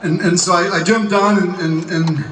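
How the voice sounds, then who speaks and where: A man with a high voice tells a rambling, halting story into a stage microphone. He is heard from far off through a booming festival sound system, with a noisy crowd behind him. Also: fairly even intonation, roomy sound. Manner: halting, many restarts, laughing asides. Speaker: rock singer addressing festival crowd. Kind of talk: onstage storytelling. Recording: distant crowd recording over loud PA.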